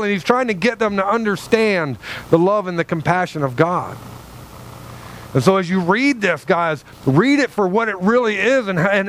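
Guy preaching a sermon, pretty high voice, talks to the room like "guys", gets fired up. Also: poor audio. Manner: fervent, conversational, addresses listeners as guys.

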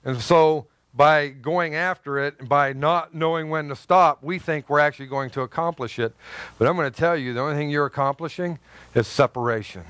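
Male pastor, sermon, higher voice, dry sound, joking, loud and soft swings. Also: normal speed, clean tone, dry recording.

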